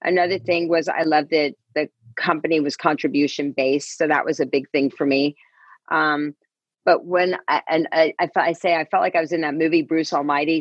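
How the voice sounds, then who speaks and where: Woman, middle-aged, deep breathy voice, dry muffled call sound, animated. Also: brisk, no room sound. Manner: animated, acts out quoted voices. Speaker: guest. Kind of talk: casual interview storytelling. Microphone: earbud.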